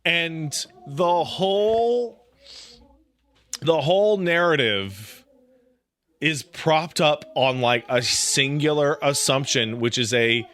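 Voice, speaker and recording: A man co-hosting a casual podcast discussion, blunt and profane, with quick asides. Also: fairly high pitch, lively intonation, a bit bright. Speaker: podcast co-host.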